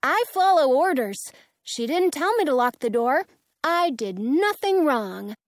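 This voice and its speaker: An earnest, polite Munchkin guard speaks in a storybook reading, as a woman puts her on. The voice is high and bright with an unhurried pace, recorded close and dry. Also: lively intonation, dry recording.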